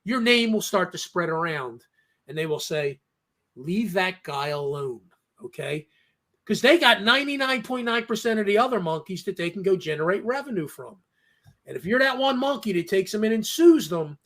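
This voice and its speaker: A man's voice: sits high, animated, brisk, a bit bright. A man co-hosting a casual talk show, telling stories emphatically and often tagging his points with "okay?". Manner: emphatic, storytelling, keeps adding "okay?". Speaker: co-host. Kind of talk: casual podcast chat.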